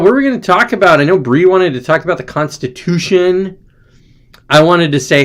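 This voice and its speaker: A man's voice: sits high, animated, a little fast, a bit bright. A young adult man hosting a casual chat show, rambling and irreverent, joking loosely, sounding tired. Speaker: host.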